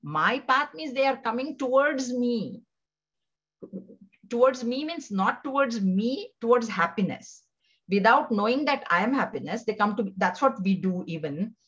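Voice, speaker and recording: A woman's voice: a little high, expressive, unhurried, a bit bright, breathy edge. A woman giving a scripture class, telling stories and acting out the voices in them. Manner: storytelling, acts out quoted voices. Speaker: spiritual teacher. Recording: dull lo-fi recording.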